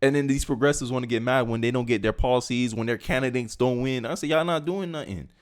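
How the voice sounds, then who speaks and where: A young man hosting a casual political commentary video, reading news aloud and reacting with animated, conversational asides. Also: mid-range voice, fast talker, clean tone. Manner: animated and conversational, slipping into mocking voices.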